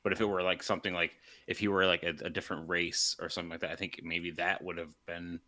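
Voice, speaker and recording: Deep-voiced man with a bright edge. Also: level tone, quick pace, no room sound. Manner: opinionated, hesitant, frequent "like". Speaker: podcast co-host, movie reviewer. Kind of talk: casual movie discussion.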